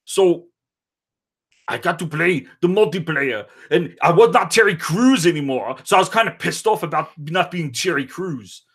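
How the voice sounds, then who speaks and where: A man putting on a crude, rambling impression of a boastful action movie star in a comedic parody interview, prone to sudden shouts and sing-song. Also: a little high, animated, moderate pace, slightly rough. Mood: amazed rambling.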